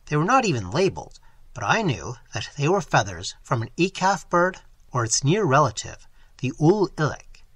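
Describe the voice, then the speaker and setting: A man reads a first-person novel aloud with expressive, scripted narration. His voice is bright and breathy, with a very lively pitch, recorded close and dry. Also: no room sound. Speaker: audiobook reader.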